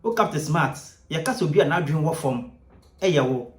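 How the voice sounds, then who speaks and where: A man gives lively, scornful commentary. His voice sits a little high, and the room around him is echoey. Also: fairly quick.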